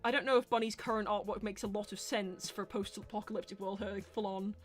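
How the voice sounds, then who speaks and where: A woman hosting a casual live-stream Q&A, chatty and quick to laugh, turning loud and animated when indignant. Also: mid-range voice, soft background music. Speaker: host of a live voice-acting show.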